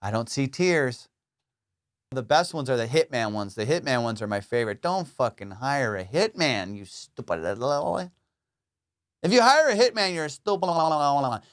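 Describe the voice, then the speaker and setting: A man's voice: medium pitch, lively intonation, normal speed. A man hosting a comedy podcast, riffing in a rambling, profane monologue from his studio. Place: home studio.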